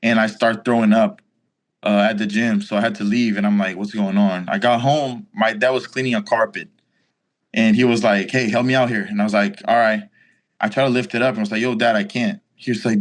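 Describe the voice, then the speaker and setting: This fairly low-pitched, fairly quick voice belongs to a Brazilian man in his twenties whose first language is Portuguese and who has a Brazilian accent. As an interview guest, he retells a story casually and with energy, performing the lines of dialogue and often dropping in "like."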